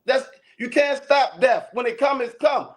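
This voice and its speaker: Podcast co-host with a Baltimore accent, high voice, stubborn and repetitive in argument. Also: male voice, unhurried. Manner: insistent, repeats his point. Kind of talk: heated casual debate.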